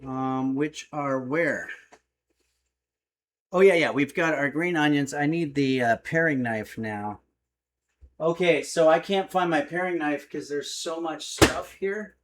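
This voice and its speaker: Man, cooking stream host, home kitchen, easygoing rambling chat, lots of fillers, slightly high voice. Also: slow. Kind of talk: casual livestream cooking demo, reading chat.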